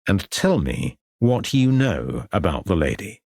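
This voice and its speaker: Voicing a courteous, dogged Victorian police inspector with formal, searching questions, a male narrator uses a low, somewhat husky voice that rises and falls in a lively, exaggerated way. He keeps a measured pace, and the recording is dry and close, with no room sound.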